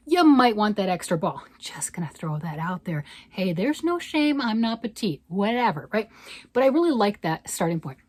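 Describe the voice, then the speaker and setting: On her knitting vlog, a grandmother rambles through a casual chat about yarn, tossing in "right?" again and again. She speaks at a medium pitch in a darkish, slightly rough tone. The sound is dry.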